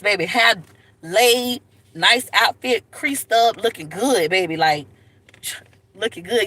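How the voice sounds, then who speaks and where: Blunt, bright-voiced woman vlogger. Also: medium pitch. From Florida, USA. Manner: blunt, animated, calls viewers baby. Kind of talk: casual storytelling to camera.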